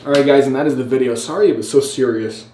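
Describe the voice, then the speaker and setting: A man's voice: mid-range voice, quick pace, warm tone, slight background noise. A man hosting a casual vlog, rambling and self-deprecating while he trims his beard. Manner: rambling, self-deprecating, lots of fillers and restarts. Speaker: host. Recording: roomy echo.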